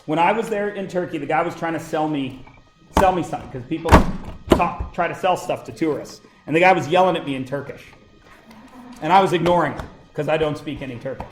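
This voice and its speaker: A man teaching a class in casual talk, joking and telling animated stories to his students. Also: fairly high pitch, a little fast, reverberant, music in the background, rough recording.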